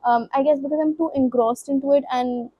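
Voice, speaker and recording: A woman's voice: sits high, steady tone, brisk, dry recording, muffled recording. A teenage woman from Delhi with an Indian English accent, chatting casually and rambling as she stumbles over words. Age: late teens. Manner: switches between English and Hindi mid-sentence. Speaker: book vlogger. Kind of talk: casual unscripted chat.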